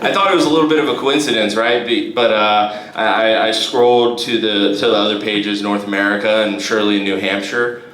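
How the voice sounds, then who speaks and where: A young male comedian performing a live stand-up set in a comedy club, halting with restarts and fillers. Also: lowish voice, steady tone, a bit bright, a little hiss or hum. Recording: roomy live club recording with crowd. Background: audience laughter.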